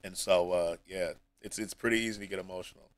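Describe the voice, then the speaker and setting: A man's voice: low-pitched, fairly even intonation, fast talker, no room sound, low-quality recording. A male streamer talking to his chat in a rambling, heartfelt way, emotional and close to tears, often dropping almost to a mumble. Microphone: streaming mic.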